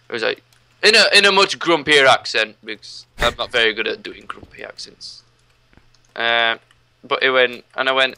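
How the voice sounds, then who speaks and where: A young man, hosting a casual gaming chat and telling stories in an animated, ranting way. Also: medium pitch, moderate pace, vocal fry, smooth. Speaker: host.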